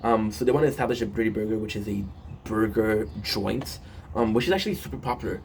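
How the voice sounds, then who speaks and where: A man's voice: fairly low pitch, fast, creaky, a little mellow, slight background noise. A man casually recapping a show episode on his phone, rambling with many fillers and restarts and swearing often.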